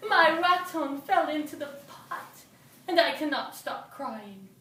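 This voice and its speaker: A woman's voice: high voice, animated, takes it slowly, pushed and bright, a little hiss or hum, pitched above the performer's own voice, heavily acted. A woman storyteller voicing an earnest young wife who pleads and warns. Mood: tearful. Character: young wife, anxious then tearful. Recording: roomy live room from a distance.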